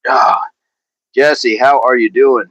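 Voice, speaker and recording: A man's voice: medium pitch, steady tone, slow pace, fairly bright tone, no room sound. A man hosting a daily fitness livestream, chatting casually while stretching and reading viewer comments aloud in a playful way. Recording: dull lo-fi sound, dry.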